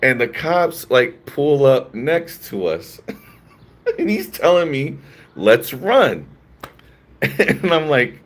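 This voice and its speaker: Laughing, animated Philly man telling a story. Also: mid-range voice, slow, long pauses. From Philadelphia. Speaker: streamer. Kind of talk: casual storytelling to live chat.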